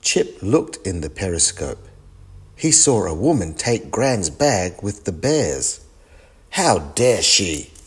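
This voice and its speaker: Slow, husky-voiced man reading a storybook. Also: sits low, big pitch swings, a little mellow. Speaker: storybook reader.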